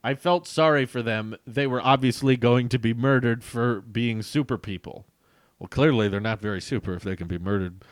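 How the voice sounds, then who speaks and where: A man's voice: mid-range voice, normal speed, dry recording, studio quality. A young man reading his childhood comic aloud as a vlogger, with self-mocking, amused asides.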